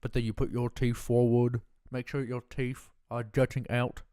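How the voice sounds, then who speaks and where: A man's voice: medium pitch, little pitch movement, normal speed, dark tone, clean tone, dry recording, clean studio sound. A man co-hosting a podcast in casual chat, giggling through his own jokes. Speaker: podcast co-host.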